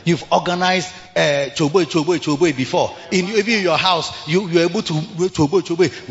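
A man's voice: fairly high pitch, normal speed, few pauses, a bit bright. A man preaching a sermon, dramatically acting out scenes and repeating call-outs. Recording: muffled hall sound with music.

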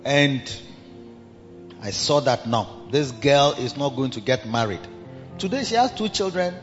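A man's voice: mid-range voice, lively intonation, measured pace, in a large hall, highs cut off, soft background music. A man preaching a sermon as a pastor, dramatic and acting out the voices of others. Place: large church hall.

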